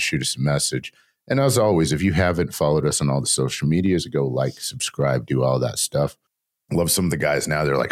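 An older man hosting a casual podcast, rambling and joking, barely stopping for breath. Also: rumbling low. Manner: rambling, jokey, talks without pause. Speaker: podcast host.

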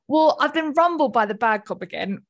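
A woman with a high, lively voice that rises and falls a lot, co-hosting a podcast. She asks questions in a bright, friendly way, and the pitch swings widely. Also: a little fast. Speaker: podcast co-host. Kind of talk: scripted podcast hosting and interviewing.

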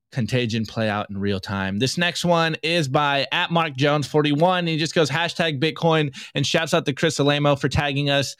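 Podcast co-host, male, higher voice, dry close sound, slangy and energetic. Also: smooth, no echo. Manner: energetic, slangy, quick asides. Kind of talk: casual chat, reading memes aloud.

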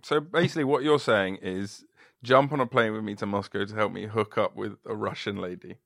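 Male podcast host, casual rambling chat, gravelly tone. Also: lowish voice, brisk, fairly bright tone, dry recording, studio quality. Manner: laid-back, rambling, laughs often.

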